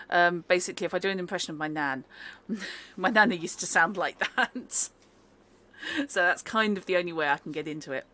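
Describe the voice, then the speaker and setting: Bright, chatty woman game master. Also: on the low side, fairly quick. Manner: chatty, many fillers, laughs often. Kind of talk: narrating a tabletop game.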